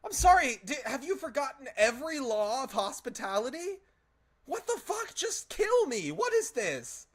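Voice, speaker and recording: A man voicing a captured female fae creature who shrieks in a high falsetto during a tabletop game. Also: sing-song, unhurried, mellow, heavily acted. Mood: panicked outrage. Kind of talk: tabletop role-play voice acting.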